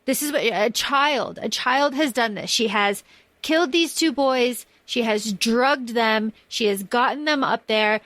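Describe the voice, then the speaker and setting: Woman podcast co-host, high voice, enthusiastic and rambling, dry recording. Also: a bit bright, dry recording. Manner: rambling, enthusiastic, swears freely. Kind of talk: casual film discussion.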